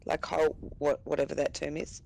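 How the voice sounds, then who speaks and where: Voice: mid-range voice, flat delivery, moderate pace, creaky, a little mellow, poor audio. A player at a tabletop game asking hesitant questions about the rules. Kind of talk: casual tabletop play.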